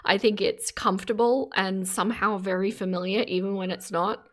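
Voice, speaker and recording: A woman's voice: mid-range voice, steady tone, moderate pace, fairly bright tone. An Australian woman chatting casually on a live stream, laughing often and teasing her chat. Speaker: streamer reacting to videos.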